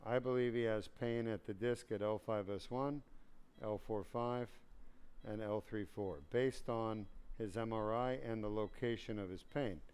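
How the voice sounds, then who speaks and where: A man's voice: fairly low pitch, steady tone, a little slow, a little mellow, clear, resonant tone. A man working as a surgeon, explaining a procedure in plain terms to viewers and speaking up to reassure his patient. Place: operating room.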